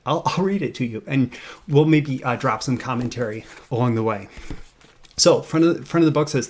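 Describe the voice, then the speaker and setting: A man talks casually to the camera as the host of his own video, rambling along with frequent fillers and restarts. His voice has a gravelly, creaky texture at a middling pitch. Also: brisk.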